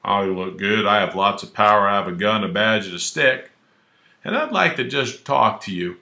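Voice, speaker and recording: A man's voice: fairly low pitch, expressive, moderate pace, vocal fry, bright, forceful tone, roomy sound, pitched below the performer's own voice, full character voice. A man playing a smug police officer who brags about his uniform, gun and power. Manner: swaggering, self-satisfied.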